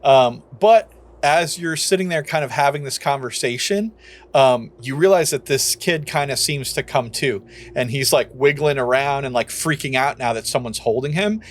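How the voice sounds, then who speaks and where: A young man narrates a tabletop game in a relaxed, chatty way and laughs often. He acts out short character lines at a middle pitch. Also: normal speed. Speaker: game master.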